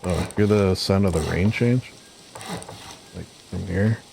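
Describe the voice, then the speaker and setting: A man's voice: deep voice, measured pace, gravelly, background noise. A man streaming a building game, talking casually and rambling with easy laughs. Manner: relaxed, rambling, laughs easily. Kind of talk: casual commentary while building.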